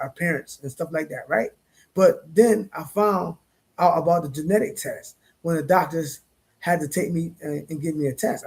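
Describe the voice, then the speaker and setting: Man, high voice, gravelly, husky, casual livestream talk, emphatic and repetitive. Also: darkish tone. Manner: repetitive, emphatic, conversational with slang. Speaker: streamer host.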